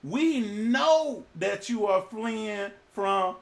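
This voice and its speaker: A male preacher delivering a humorous, colloquial sermon with animated storytelling. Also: sits high, very slow, gravelly.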